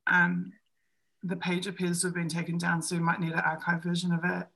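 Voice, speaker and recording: A woman's voice: on the low side, monotone, a little fast, vocal fry, a bit bright. A woman co-hosting a live-streamed discussion, speaking emphatically and acting out other people's lines as she argues her views. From New Zealand. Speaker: co-host.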